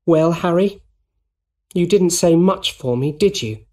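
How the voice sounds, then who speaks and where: An earnest young woman speaks with feeling, her voice lifted, as a man reads her lines. The tone is husky and the pace slow. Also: fairly high pitch, expressive, a little mellow, voice pushed up. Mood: reproachful.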